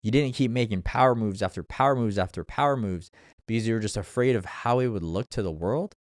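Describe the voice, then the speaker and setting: A man's voice: on the low side, a little fast, no echo, clean studio sound. A man hosting his own show, giving a blunt, profane motivational talk and laughing often. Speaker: podcast host. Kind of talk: motivational monologue.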